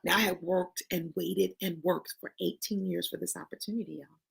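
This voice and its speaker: A woman's voice: lowish voice, steady tone, normal speed, vocal fry, a bit bright, breathy edge. A woman giving an emphatic, preachy motivational talk who calls her listeners y'all and honey. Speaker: motivational speaker.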